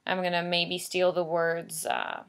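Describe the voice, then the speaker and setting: A woman's voice: fairly low pitch, little pitch movement, a little slow, gravelly, fairly bright tone. A woman teacher giving a recorded writing lesson, explaining patiently and stressing key points by repeating them. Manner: patient, explanatory, emphatic repetition.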